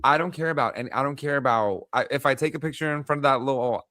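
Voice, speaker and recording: A man in his thirties co-hosting a podcast, telling stories in a sassy, animated way with lots of "like". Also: medium pitch, quick pace, dry recording. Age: 30s. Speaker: podcast co-host. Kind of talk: casual chat.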